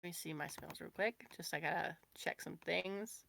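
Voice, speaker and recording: A woman's voice: lowish voice, normal speed, vocal fry, fairly bright tone, slight background noise. A woman playing a tabletop game, rambling through her character's actions with many fillers. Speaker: player.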